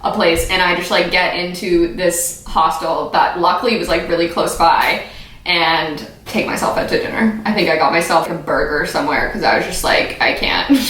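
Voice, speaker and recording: A woman's voice: lowish voice, normal speed, a bit bright. Chatty young woman in an echoey room. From United States. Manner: candid, chatty, self-mocking. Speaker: vlogger. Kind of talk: casual reaction commentary.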